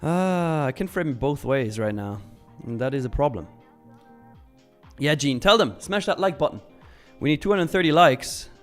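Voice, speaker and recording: A man's voice: fairly high pitch, expressive, normal speed, soft background music. A young man hosting a live stream, casually reading viewer messages aloud and answering them. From Switzerland. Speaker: live-stream trading host.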